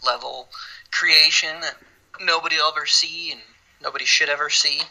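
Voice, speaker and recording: Bright, sarcastic man podcast co-host. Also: fairly high pitch, normal speed, creaky, low-quality recording. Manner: sarcastic, joking, animated. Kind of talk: casual movie chat.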